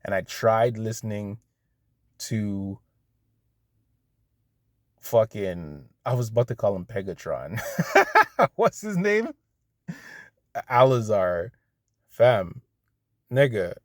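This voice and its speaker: A man's voice: on the low side, sing-song, slow pace, pauses often, no room sound, clean studio sound. A man ranting casually to the camera, blunt and heated, with plenty of profanity. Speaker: vlogger. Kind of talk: casual rant.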